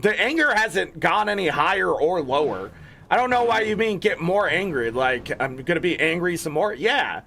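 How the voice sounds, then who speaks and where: A man's voice: high voice, very animated, normal speed, vocal fry, bright, forceful tone. A young man streaming a video game, swearing and ranting in an exasperated way while he plays. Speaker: gaming streamer. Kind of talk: casual gameplay commentary.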